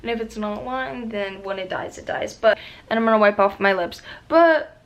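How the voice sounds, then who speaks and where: A young woman rambling casually in a makeup vlog, profane and excitable with lots of fillers, recorded on a camera mic at home. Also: medium pitch, fairly quick, highs cut off. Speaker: beauty vlogger.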